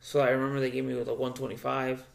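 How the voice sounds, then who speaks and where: A young man with a gravelly voice tells stories in a loose, casual podcast chat. He swears freely and acts out the people in his stories by jumping his pitch up and down. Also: level tone, fast. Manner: loose and profane, acts out quoted voices with big pitch jumps. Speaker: podcast co-host.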